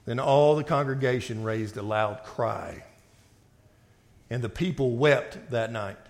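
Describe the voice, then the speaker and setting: A man preaching a sermon and reading scripture aloud, swinging between forceful outbursts and quiet reading. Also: medium pitch, slow pace. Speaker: pastor.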